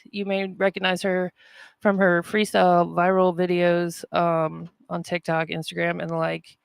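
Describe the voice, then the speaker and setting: A relaxed, upbeat podcast host welcoming a guest and the chat. The voice has a gravelly fry yet stays smooth and resonant. The sound is close and dry. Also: mid-range voice, no echo. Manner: laid-back, upbeat, hype greetings. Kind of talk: casual podcast interview.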